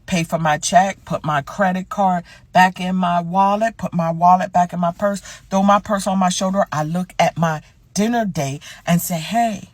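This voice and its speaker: A woman's voice: on the low side, steady tone, moderate pace, dry recording. A woman telling a dating story to camera in a blunt, sassy way, swearing freely.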